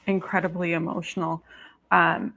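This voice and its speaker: A woman working as a psychic medium, talking through a reading over a video call in a halting way, full of "um" and "like". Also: on the low side, level tone, creaky, fairly bright tone.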